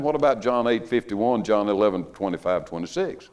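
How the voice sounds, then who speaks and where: An older man preaching a revival sermon in a church, folksy and joking, rising to loud emphatic stretches. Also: lowish voice, lively intonation, a little fast, hardly any pauses, smooth. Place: church sanctuary.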